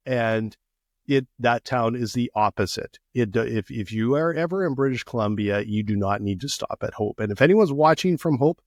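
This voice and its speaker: Male podcast co-host, mid-pitched, loose rambling talker full of fillers, dry close mic. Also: dry recording. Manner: rambling, many fillers like "like" and "you know", animated asides. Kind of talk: casual chat.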